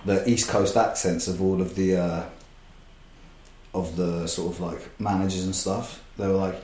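A man's voice: deep voice, steady tone, unhurried, warm tone, echoey room. A man casually telling stories as a podcast guest, rambling and swearing freely. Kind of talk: casual storytelling.

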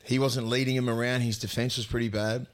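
An Australian man co-hosting a casual chat, relaxed and blunt, swearing as he gives his opinions. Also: mid-range voice, quick pace. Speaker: podcast co-host. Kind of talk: casual chat and sports talk.

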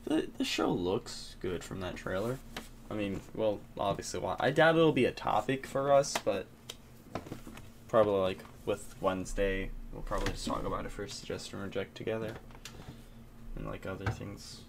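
Gravelly young man rambling casually. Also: fairly low pitch, moderate pace, noisy background. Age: young adult. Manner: rambling, loose, swears casually. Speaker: podcast co-host. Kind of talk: casual pop-culture chat.

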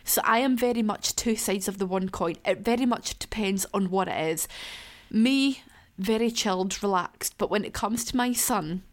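A woman's voice: medium pitch, normal speed. A woman hosting her own podcast from her living room, talking in a candid, chatty way and laughing and swearing freely. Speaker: podcast host. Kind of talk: casual solo podcast chat. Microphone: laptop beside her.

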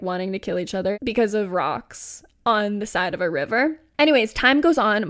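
A woman in her twenties hosting a podcast, chatting through a funny personal story with lots of "like" and laughs. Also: medium pitch. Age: 20s. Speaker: podcast host. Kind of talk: casual storytelling.

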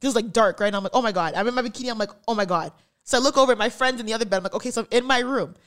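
Her voice is a little high and fairly bright, and she speaks very fast. This young podcast co-host tells a story in casual chat, with plenty of laughs and impressions of the people in it.

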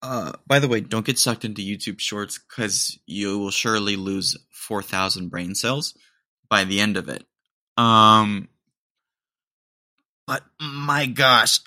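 A young man hosts a podcast in a lowish voice that sounds pushed and bright. He rambles through a casual comedic monologue, heavy on sarcasm, laughing at his own jokes.

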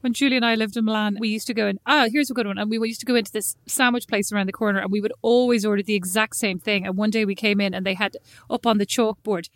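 A woman chatting casually with her sister, telling animated stories and acting out the lines of the people in them. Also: mid-range voice, quick pace, hardly any pauses, no echo. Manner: animated storyteller, acts out quoted lines. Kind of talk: casual chat between sisters.

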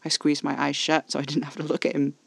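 A man's voice: on the high side, completely flat delivery, quick pace, gravelly, a bit bright, husky, no room sound. A man giving tense, intimate first-person narration of a horror audio drama.

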